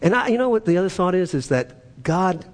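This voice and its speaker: A man preaching a sermon with a slightly high voice. He is emphatic, pushing up to urgent peaks and falling to low, quiet asides. His voice rings with the long reverb of a large church hall. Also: expressive, fairly quick. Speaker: pastor.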